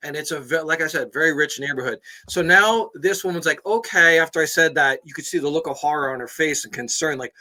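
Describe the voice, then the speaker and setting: A man co-hosting a podcast, telling a story in casual chat, animated and laughing as he acts out both sides. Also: on the high side, fast, few pauses. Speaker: podcast co-host.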